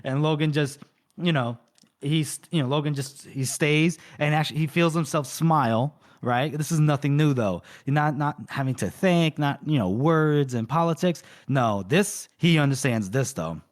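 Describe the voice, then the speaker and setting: A man with a voice on the high side, speaking at normal speed, co-hosts a podcast and gives a casual recap of a book's plot. He uses many fillers and briefly acts out the characters' lines.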